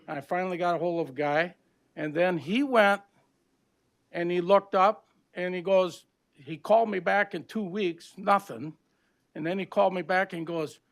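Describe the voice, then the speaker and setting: An older man from Minnesota giving an aggrieved, blunt public comment at a county board meeting, plain-spoken with rough grammar. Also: sits high. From Minnesota, USA.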